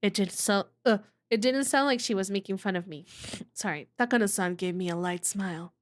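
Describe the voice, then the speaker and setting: A woman's voice: mid-range voice, normal speed, slight background noise, natural voice. A woman reading the narration of a curious, uneasy teenage boy in a visual novel readalong, in a plain storytelling manner. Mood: narrating.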